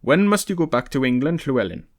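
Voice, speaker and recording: A man reading aloud, voicing a proud, touchy young nobleman who speaks sharply and quickly. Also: medium pitch, a little mellow, lightly acted. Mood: eager.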